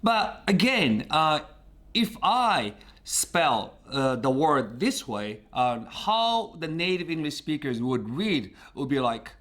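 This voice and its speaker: A Japanese man with a halting, pausing delivery, hosting a casual vlog lesson for viewers. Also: a little high, sing-song, fairly bright tone. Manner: halting, pauses often mid-sentence. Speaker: YouTuber teaching Japanese.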